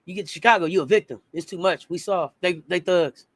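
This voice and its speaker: A man's voice: high-pitched, fast, no room sound. A man in a heated sports talk rant, blunt and profane, firing off rhetorical questions. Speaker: sports commentator.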